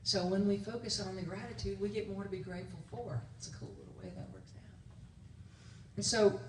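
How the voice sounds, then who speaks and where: A woman's voice: mid-range voice, animated, brisk, a little mellow, slight background noise. A woman minister giving a conversational sermon, telling stories with laughs and quoted voices. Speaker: guest minister. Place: church sanctuary. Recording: echoey church from a distance.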